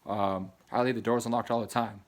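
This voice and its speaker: A man's voice: on the low side, steady tone, brisk. A man giving a rambling personal monologue in casual slang, repeating himself and getting emotional. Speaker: vlogger.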